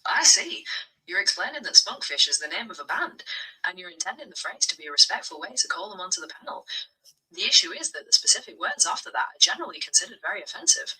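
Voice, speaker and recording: A female AI voice assistant speaks in a polite, measured, helpful way. Her tone is sharp and bright, with a husky edge. She sits at a distance from the mic. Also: lowish voice, very animated. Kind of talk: chatbot replies.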